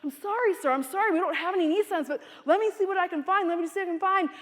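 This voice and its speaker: Woman doing a nervous young clerk saying sorry over and over, high voice, echoey hall. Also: fairly bright tone. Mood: anxious apologizing. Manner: apologetic, hurried. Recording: long hall reverb.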